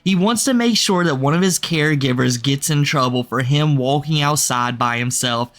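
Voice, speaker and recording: A man streamer giving mocking, animated commentary on a clip. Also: fairly high pitch, moderate pace.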